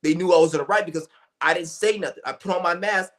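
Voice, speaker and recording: Young guy ranting on stream, kinda high voice, swears a lot, keeps restarting his sentences. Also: fast, fairly bright tone. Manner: blunt, profane, rambling with many restarts and fillers. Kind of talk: ranting monologue.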